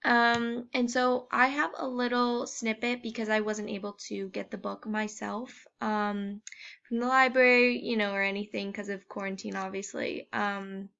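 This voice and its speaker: A woman's voice: medium pitch, steady tone, normal speed, vocal fry, a bit bright, clear, resonant tone. A young woman giving a casual class presentation, informal, with many fillers and restarts. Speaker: education student presenting. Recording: dull lo-fi home recording.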